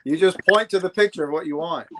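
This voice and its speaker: A man from the northern United States hosting a casual trucking talk show, easygoing and quick to agree. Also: on the high side, noisy background. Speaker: host. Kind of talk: casual chat.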